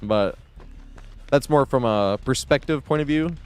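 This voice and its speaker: A man streaming games and chatting casually, rambling with lots of fillers and quick laughs. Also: medium pitch, clean tone. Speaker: game streamer. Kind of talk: casual live-stream chat.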